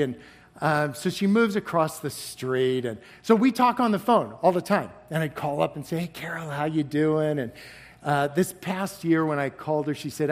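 A man giving a storytelling sermon as guest speaker, animated, laughing often and exclaiming. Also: fairly high pitch, long reverb tail.

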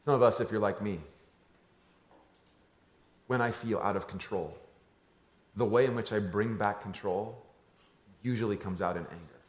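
A man preaching a sermon as a pastor, telling a family story and moving between hushed, low lines and loud, animated ones. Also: moderate pace, long pauses. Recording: echoey room.

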